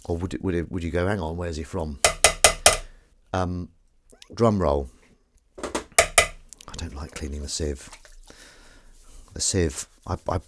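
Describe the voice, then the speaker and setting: Guy, kinda low voice, rambly jokey chat while doing the dishes, bit of faint hiss. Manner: rambling, chatty, jokey asides to viewers. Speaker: live streamer. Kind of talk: casual live-stream chat while washing up. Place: home kitchen at the sink.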